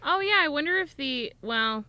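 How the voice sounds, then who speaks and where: A woman's voice: high-pitched, expressive, normal speed, pushed and bright, dry recording. A young woman co-hosting a podcast, telling a rambling story in casual chat, swearing freely and laughing often. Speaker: podcast co-host.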